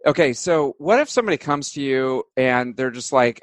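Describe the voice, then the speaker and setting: A man's voice: medium pitch, lively intonation, moderate pace, hardly any pauses, no room sound. A man hosting a podcast interview, easygoing and joking as he asks his guest questions. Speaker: podcast host. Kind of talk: casual interview chat.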